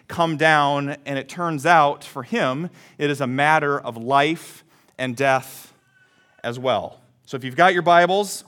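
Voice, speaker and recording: Man, 30s, pastor, conversational sermon storyteller, slightly higher voice. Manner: lively, conversational, calls for congregation responses.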